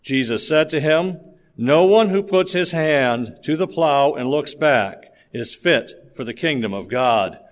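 A man reading a Gospel passage aloud in a formal, measured liturgical style. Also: fairly high pitch, expressive. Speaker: scripture reader.

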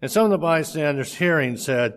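A man reading a scripture passage aloud in a steady, measured way, with a few slips. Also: a little high.

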